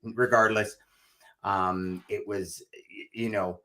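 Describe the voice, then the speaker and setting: Deep-voiced man rambling casually. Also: fairly even intonation, takes it slowly, background noise. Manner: rambling, loose, calls his co-host "brother". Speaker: podcast co-host. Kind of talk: casual podcast chat.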